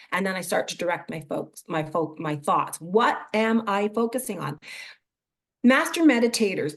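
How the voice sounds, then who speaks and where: A middle-aged woman, a mental performance coach, talking casually in an interview and acting out inner thoughts in lively quoted voices. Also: medium pitch.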